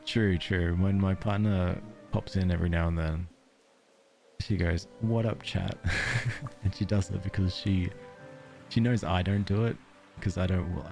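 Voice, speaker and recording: A man's voice: deep voice, creaky, a little mellow. A man with an Australian accent streaming a game, chatting casually with viewers in a joking, self-deprecating way and laughing often.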